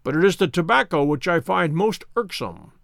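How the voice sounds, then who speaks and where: A man voicing a brilliant, wry male detective who explains in a brisk, ironic, lecturing way. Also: on the high side, expressive, vocal fry, a bit bright, no echo, studio quality.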